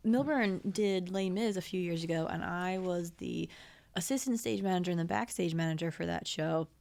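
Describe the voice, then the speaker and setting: A young woman, a podcast guest, telling a story in a relaxed, casual way with plenty of fillers. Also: lowish voice, moderate pace, creaky. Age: young adult. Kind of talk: casual chat.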